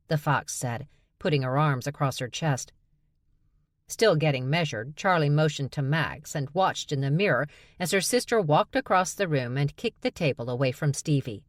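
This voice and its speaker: A woman reads a romance audiobook in a low, dry studio voice. She narrates steadily and shifts into character voices for the dialogue. The sound is close and free of room echo. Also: moderate pace.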